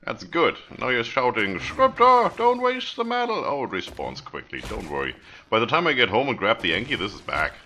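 A man's voice: medium pitch, pushed and bright, slight background noise. A man hosting a gaming video, giving casual, self-amused commentary to viewers as he plays. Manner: chatty, self-amused, talks to viewers while playing.

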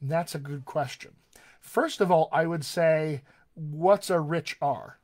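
Higher-voiced American man coaching live. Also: slow, a little mellow. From United States. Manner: explanatory, reads out viewer questions and demonstrates mouth sounds. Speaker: dialect coach. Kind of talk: live online Q&A teaching.

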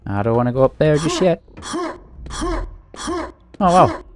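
A man's voice: on the high side, wildly swooping pitch, a little slow. A man giving casual running commentary while playing a video game, chatting and reacting aloud to what happens on screen. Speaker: gaming YouTuber. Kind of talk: gameplay commentary. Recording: voice over loud game music. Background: game music.

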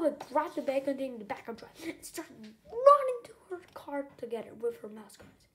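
High-voiced woman reading a storybook aloud. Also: normal speed, few pauses. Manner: expressive, dramatic read-aloud. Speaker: storybook reader.

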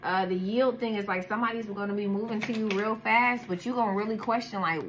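Speaking fairly quickly in a mid-range, slightly bright voice, a mother does a laid-back tarot reading full of blunt slang and swearing. There's a little hiss or hum in the audio.

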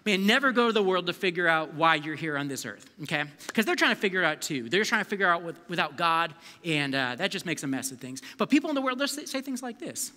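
A man preaching a live sermon as a youth pastor, energetic and conversational, calling on the crowd to answer back. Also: sits high, fast talker, hardly any pauses. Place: church service hall. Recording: long reverb of a large hall.

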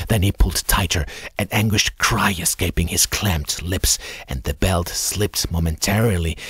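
A man narrating a short story in a steady, measured way. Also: very deep voice, husky, no room sound, studio quality. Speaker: audiobook narrator. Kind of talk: scripted narration.

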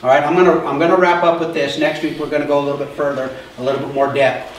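A man with a high voice preaches a sermon in a relaxed, chatty way, often asking his listeners whether they follow. He is picked up from a distance in a very echoey church hall. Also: fast talker, a little hiss or hum. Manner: conversational preaching, asks the congregation questions. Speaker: pastor.

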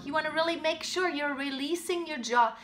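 A woman's voice: high voice, fairly quick, over loud music. A woman teaching singing, explaining technique in speech and switching into sung demonstrations of a phrase. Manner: alternates spoken coaching with sung examples. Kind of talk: vocal lesson with sung demonstrations.

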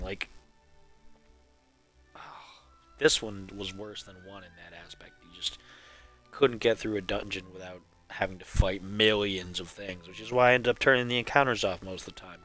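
A man's voice: on the low side, steady tone, moderate pace, pushed and bright, faint music behind. A man giving wry, rambling running commentary while he streams a game. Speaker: streamer playing through a game marathon. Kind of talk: casual live-stream commentary.

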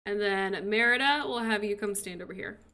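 Excitable, bright-voiced woman gamer. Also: medium pitch, fairly quick. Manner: excitable, cheering and laughing. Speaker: gaming video creator. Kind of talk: casual game commentary.

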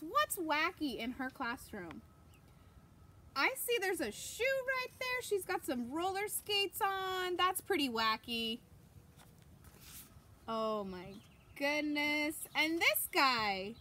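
A woman reading a picture book aloud to children, animated, gasping and exclaiming, and asking the young listeners questions. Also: very high voice, a little hiss or hum. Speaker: children's story reader.

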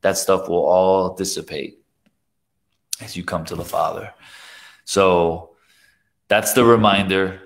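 A man hosting and preaching a sermon in an earnest, halting way, often going soft and quiet. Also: deep voice, steady tone. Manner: earnest, with pauses and repeated words. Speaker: host and preacher. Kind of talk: preaching to camera.

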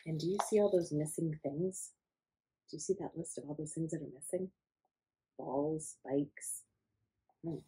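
Storytime reader, a woman with a lowish voice, slow and deliberate, who drops into hushed asides to the kids. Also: fairly even intonation, low-quality recording. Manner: slow, deliberate reading with hushed questions to young listeners. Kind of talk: reading a picture book aloud to children.

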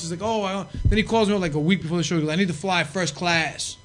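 A middle-aged man tells rowdy stories at a quick clip. His voice sits high for a man, and he swears freely as he acts out what others said. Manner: profane, animated storyteller acting out quotes. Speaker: podcast guest. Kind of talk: casual storytelling.

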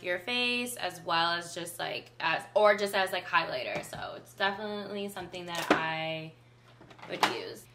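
A woman's voice: lowish voice, pushed and bright. A young woman chatting casually through a makeup routine as a beauty vlogger, full of filler likes. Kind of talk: casual makeup tutorial chat.

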